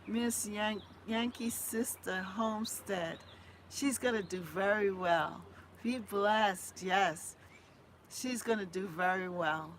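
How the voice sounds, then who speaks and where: Slow and mid-range in pitch, the host's Boston-accented voice carries her warm, effusive chat with viewers during a live gardening stream. She sings a small jingle she made up, and the phone recording has slight background noise.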